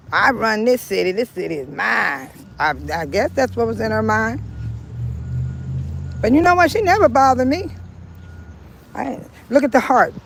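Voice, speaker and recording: A woman's voice: a little high, background noise. Chatty woman vlogging outdoors. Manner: chatty, repeats herself, sudden loud exclamations. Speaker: local vlogger. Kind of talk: casual walking-tour vlog. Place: driving, then walking outdoors in a park.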